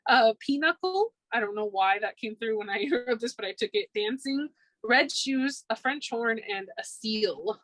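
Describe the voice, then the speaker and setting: Bubbly woman doing a tarot reading, kinda high voice, dry close sound. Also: animated, normal speed, fairly bright tone, no room sound, rough recording. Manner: upbeat and chatty, with frequent ums. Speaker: tarot reader. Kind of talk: casual pick-a-card tarot reading.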